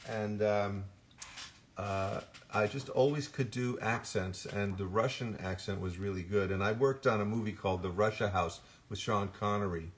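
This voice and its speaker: An older man who does voice acting chats at an autograph signing, wandering through anecdotes and often starting his sentences over or fixing them midway. His voice is lowish and his pace moderate.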